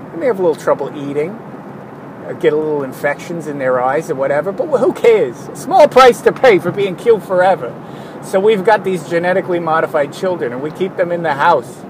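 A tired man rambling casually through a vlog, wandering off on self-mocking tangents. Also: a little high. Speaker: vlogger. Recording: steady traffic noise behind.

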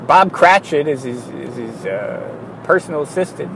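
A man's voice: on the high side, expressive, normal speed, creaky, fairly bright tone, a little hiss or hum, low-quality recording. A man hosting a solo podcast, ranting in a worked-up way, often interrupting himself and apologizing. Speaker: podcast host.

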